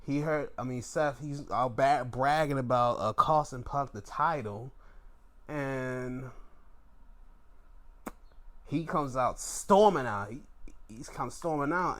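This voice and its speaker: A young man hosts a casual solo podcast and runs through the week's wrestling in a loose, profane ramble. He sits at an average pitch, then jumps into loud, high disbelief and drops back to low mumbled asides, laughing along the way. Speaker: podcast host.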